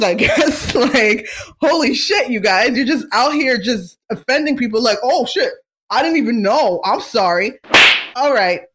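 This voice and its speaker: A woman's voice: a little high, fairly bright tone. A woman hosting a solo podcast, talking in a casual, blunt and profane way, exasperated and ranting. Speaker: podcast host.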